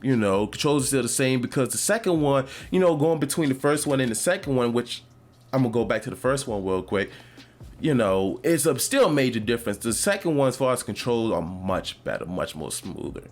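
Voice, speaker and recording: A man's voice: mid-range voice, very animated, brisk. A man hosting his own podcast, chatting casually and rambling about a video game, with lots of fillers and restarts. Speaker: podcast host. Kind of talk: casual gaming chat.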